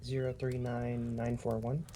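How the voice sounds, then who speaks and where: Slow, hesitant young man trainee. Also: medium pitch, completely flat delivery, warm tone, a little hiss or hum.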